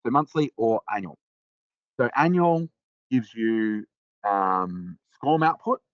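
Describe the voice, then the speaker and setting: A man presenting a live software demo on a webinar, talking casually with lots of fillers and restarts. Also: lowish voice, animated, slow pace, no room sound, lo-fi sound.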